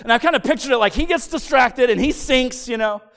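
A preacher gives a sermon through lively, emphatic storytelling, slowing down to drive home the key lines. His voice is high for a man, and the church hall adds a long reverb after every phrase.

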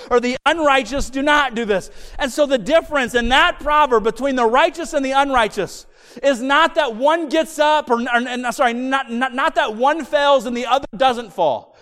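A man delivers a sermon with animated, emphatic storytelling, slowing down to hammer key lines. His voice sits high for a man. A long reverb from the church hall follows every phrase. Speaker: preacher.

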